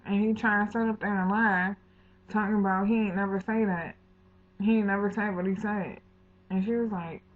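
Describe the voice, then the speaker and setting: A woman recounts a personal drama for her storytime vlog, heated and indignant, breaking into slang and quoted back-and-forth. Her voice sits at an ordinary middle pitch and comes through thin and tinny, as if over a phone line. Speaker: vlogger.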